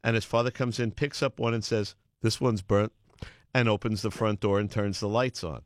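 A man hosting a podcast interview, chatting casually and telling lively, enthusiastic anecdotes. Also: fairly low pitch, no echo, clean studio sound. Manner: enthusiastic storyteller, fast and animated. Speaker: podcast host.

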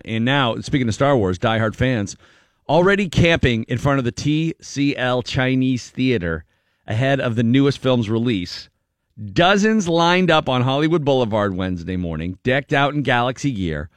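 A man's voice: mid-range voice, dry recording. Laughing man reading news headlines. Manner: reads headlines, laughs often. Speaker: radio show host. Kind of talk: casual news banter.

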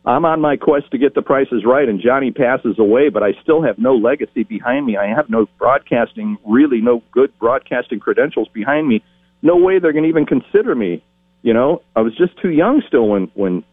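Animated storytelling man on a tinny line. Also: medium pitch, normal speed, breathy edge, no room sound. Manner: animated storyteller acting out quotes. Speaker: game show announcer guest. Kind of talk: storytelling interview.

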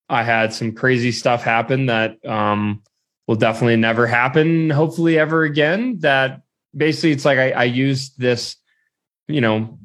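A man's voice: mid-range voice, a bit bright. A man casually telling a story in a podcast chat, rambling and leaning heavily on "like". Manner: rambling, heavy use of "like".

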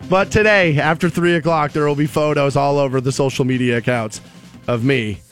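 A high-voiced man rambles through jokey stories as a radio morning host. Faint music sits quietly under his casual, loose banter. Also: fairly even intonation, brisk. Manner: joking, rambling storyteller.

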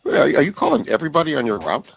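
Gravelly man, hesitant on the phone. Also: on the high side, huge pitch swings, rapid-fire, faint music behind. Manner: hesitant, polite, then confused. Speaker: prank call target. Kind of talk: phone conversation.

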